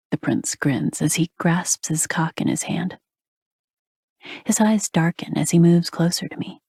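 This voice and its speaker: A woman narrating a first-person romance audiobook in a breathy, half-whispered, intimate way, close to the mic. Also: low-pitched, a little mellow, dry recording.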